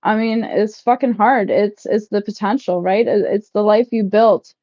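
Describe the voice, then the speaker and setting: A woman in her thirties chatting casually with live viewers while packing up, loud and laughing, swearing freely. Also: medium pitch, steady tone, normal speed, dry recording, muffled recording. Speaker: livestream vlogger. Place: shed, packing up.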